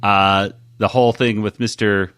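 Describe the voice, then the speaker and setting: A man's voice: fairly low pitch, flat delivery, moderate pace, fairly bright tone, smooth, no echo. A man hosting a cartoon podcast, rambling with fillers and chuckles in casual chat. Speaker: podcast host.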